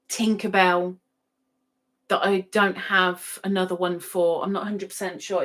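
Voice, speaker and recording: Slow-talking woman hosting a livestream. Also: medium pitch. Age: middle-aged. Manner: chatty, giggly, sings playfully. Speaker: livestream host. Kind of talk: casual livestream chat reading comments.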